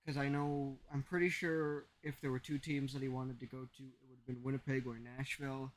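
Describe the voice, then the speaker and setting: A man's voice: medium pitch, little pitch movement, fairly quick, poor audio. A young man co-hosting a podcast, chatting casually about sports and explaining things at length with plenty of restarts. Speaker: podcast co-host.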